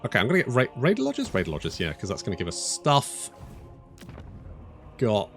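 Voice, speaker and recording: Lively man commenting on a strategy game. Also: mid-range voice, moderate pace, soft background music. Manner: thinks aloud, restarts phrases, casual swearing. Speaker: strategy game let's player. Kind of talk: casual gameplay commentary.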